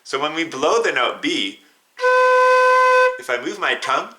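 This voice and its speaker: A man's voice: on the high side, lively intonation, a little slow, pushed and bright, soft background music. A man teaching a beginner flute lesson, patiently coaching students, counting them in and singing note names and tonguing syllables.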